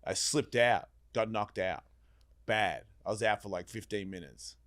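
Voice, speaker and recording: Low-voiced man telling a story. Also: a little slow. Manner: animated, swearing, acts out voices in his story. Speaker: podcast guest. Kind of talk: casual storytelling chat.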